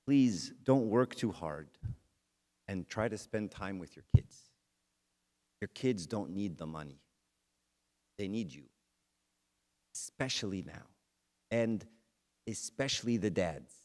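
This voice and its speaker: Delivering a church talk that centres on something that happened to him, this middle-aged man talks straight to the listeners in a relaxed, conversational way. His voice sits on the low side with a somewhat dark tone.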